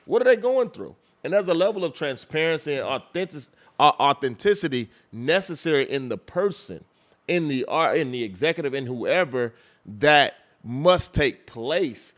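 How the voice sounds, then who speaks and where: A man, a record label executive, talking in a casual interview, animated and restarting his phrases often. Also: on the high side, normal speed.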